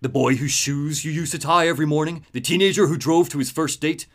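A man's voice: on the high side, a little fast, a bit bright, voice pushed up. Batman, a man doing a grim defiant vigilante. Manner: intense, declaiming. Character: grim young male vigilante, defiant and intense.

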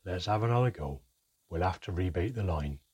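A man voicing a cheerful father with a deep, gravelly voice who talks calmly and teases gently. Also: fairly quick, exaggerated voice. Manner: calm, gently teasing.

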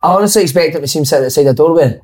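A man's voice: a little high, racing, darkish tone. A man hosting a podcast, steering a casual football chat with teasing questions.

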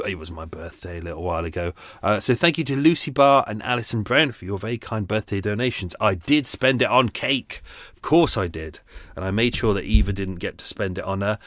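Recording from a small home room on a boat, a man hosts a podcast, chatting casually to listeners and rambling with self-mocking asides. His voice is fairly low with a fairly bright tone, captured in studio quality with no echo.

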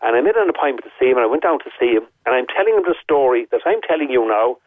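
Very animated and very fast, a medium-pitched Irish man tells a radio show a long story in vivid detail over the telephone, repeating his points to drive them home. The line sounds tinny, with no room sound.

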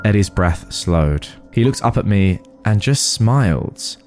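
A man hosting a podcast, reading reddit stories aloud with animated delivery and wry asides. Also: deep voice, a little slow, few pauses, faint music behind. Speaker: podcast host and narrator.

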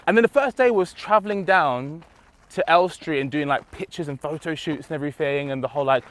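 Slightly fast and on the high side, this podcast guest's voice carries lively anecdotes in a casual chat, where he performs the voices of whoever he's quoting.

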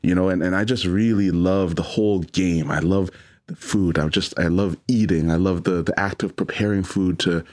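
A man's voice: low-pitched, fairly even intonation, normal speed, a little mellow. A man, a chef, talking earnestly in an interview, often stumbling and repeating his words. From Toronto, Canada. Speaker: chef and restaurant owner. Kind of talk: conversational interview.

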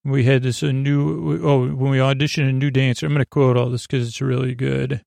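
A man's voice: medium pitch, level tone, a little fast, creaky, darkish tone, no room sound. A man hosting a podcast, giving a lulling bedtime recap of a TV episode in a rambling, loose way with lots of fillers. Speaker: podcast host.

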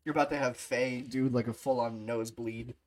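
A woman's voice: extremely low pitch, steady tone, fairly quick, a loud crowd. A woman hosting a casual streamed podcast chat, giggling often and joking about herself. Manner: giggly, self-deprecating. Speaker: podcast host.

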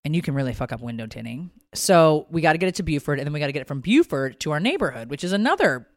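A woman's voice: racing, dry recording, studio quality. A middle-aged woman telling a long story in casual chat, swearing freely and acting out other people's lines. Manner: animated, profane, acts out quotes in a high voice. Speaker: podcast host.

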